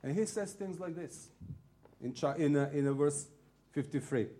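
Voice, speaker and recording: A man preaching a sermon, retelling a story with lively acted-out crowd voices and slightly phrasing. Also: on the high side, normal speed. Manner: animated storytelling, acting out crowd voices, non-native phrasing.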